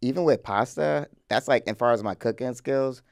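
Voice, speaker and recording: A man's voice: medium pitch, moderate pace, creaky, a little mellow, no echo, clean studio sound. A man co-hosting a podcast in casual chat, loose and swearing, with lots of filler words. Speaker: podcast co-host.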